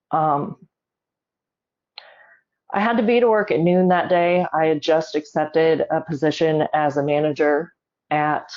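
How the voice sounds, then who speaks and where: A middle-aged woman telling a personal story in an interview, measured and emotional, holding back tears. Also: sits low, a little mellow, dull audio. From South Carolina, US. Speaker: guest.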